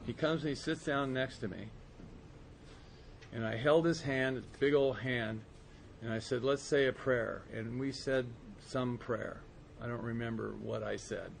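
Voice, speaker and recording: A man giving a personal recovery testimony to a group, earnest and storytelling, slowing and softening at quiet moments. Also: mid-range voice, steady tone, vocal fry, slight background noise. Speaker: speaker sharing his recovery story.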